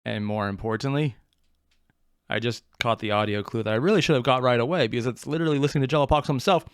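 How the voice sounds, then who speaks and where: A man's voice: medium pitch, fast talker, smooth, no echo, studio quality. A man hosting a reaction video, talking casually and sarcastically with rambling asides, self-mockery and frequent swearing. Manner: animated and sarcastic, swears freely.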